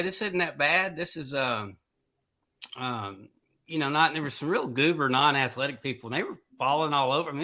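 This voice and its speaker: A middle-aged man co-hosting a podcast, telling a long casual anecdote in an animated way and laughing through his own story. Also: on the high side. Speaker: podcast co-host.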